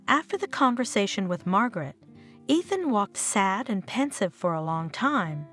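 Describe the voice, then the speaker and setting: A woman narrating a family drama story in a steady, scripted reading style. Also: normal speed, faint music behind. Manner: lively, expressive reading with wide swings in pitch.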